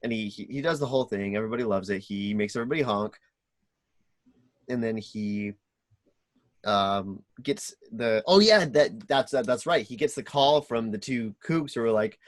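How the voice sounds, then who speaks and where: A man's voice: lowish voice, no echo. Podcast co-host, male, rambling recap voice, dry close recording. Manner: rambling, acts out scenes in quick voices. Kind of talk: casual chat recapping a movie.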